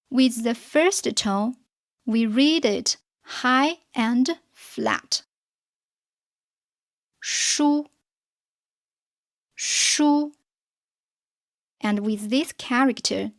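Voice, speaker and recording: A woman teaching a scripted beginner pinyin lesson, speaking in a slow, careful way for learners to follow and repeat. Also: a little high. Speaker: Chinese teacher.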